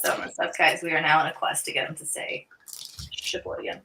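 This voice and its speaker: A woman's voice: low voice, little pitch movement, a little fast, gravelly, background noise. A woman with a Northern US accent co-hosting a livestream, bantering playfully, teasing and tripping over words. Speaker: stream co-host.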